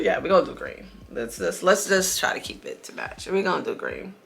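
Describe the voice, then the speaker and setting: A woman's voice: fairly low pitch, wildly swooping pitch, brisk, vocal fry, few pauses, a bit bright, faint music behind. A woman, chatting casually to viewers while doing her makeup, a bit dramatic. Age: 40s. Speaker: beauty vlogger.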